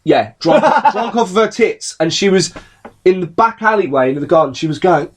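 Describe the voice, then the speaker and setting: Guy with a high voice, sweary and animated, rambling stories on a podcast. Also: fairly quick. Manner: swearing, animated anecdote telling. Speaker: podcast co-host. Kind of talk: casual chat, storytelling.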